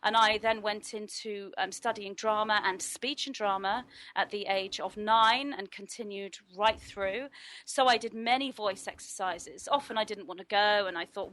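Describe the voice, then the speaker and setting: A woman speaking as a spiritual interview guest, explaining in an earnest, flowing way with a deliberately trained, resonant voice. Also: mid-range voice, fairly even intonation, fairly bright tone.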